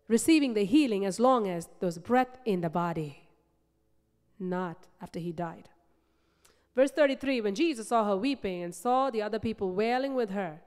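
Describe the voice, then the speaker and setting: In a clear, resonant voice, a woman preaches a passionate, emphatic sermon in a church sanctuary, repeating phrases and swinging between loud build-ups and soft, low passages. The church hall gives the recording a long reverb.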